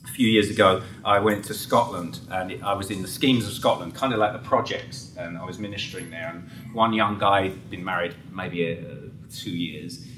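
A man preaches with a fairly low voice in an earnest, conversational tone, often stopping to restart his sentences. The sound is picked up from a distance in a roomy hall, with a faint hum of background ambience. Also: fairly even intonation, normal speed, few pauses. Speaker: pastor. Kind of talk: sermon.

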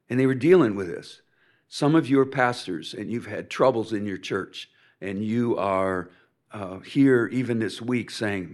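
Slow-talking man with a cough. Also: lowish voice. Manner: halting, with many fillers and restarts. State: coughing often, hoarse throat. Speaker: preacher teaching a seminary class. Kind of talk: sermon-style lecture.

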